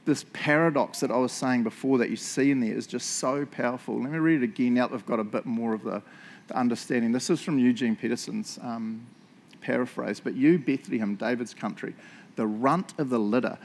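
A man's voice: mid-range voice, a little fast. A man with a New Zealand accent preaching a sermon in a church, chatty and joking, often tagging lines with "eh?" and "right?". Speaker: pastor.

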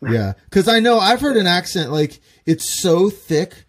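A man's voice: sits high, big pitch swings, measured pace. A man hosting a podcast, asking eager, curious questions and tripping over his words as he starts them. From American Midwest. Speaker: podcast host. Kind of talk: casual interview chat.

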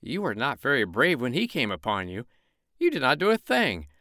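A man's voice: medium pitch, wildly swooping pitch, moderate pace, sharp tone, no echo, studio quality, pitched above the performer's own voice. A man voicing a small, chirpy male robin in a storybook reading, teasing and scolding. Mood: mocking.

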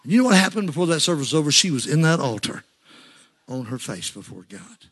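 A man's voice: a little high, sing-song, fast talker, a bit bright, husky. A man preaching a sermon, telling folksy stories and rising to fervent calls to the congregation.

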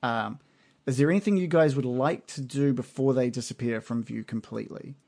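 A man's voice: mid-range voice, brisk, gravelly, a little mellow. A man narrating a tabletop game as game master, loose and hesitant with many ums and restarts.

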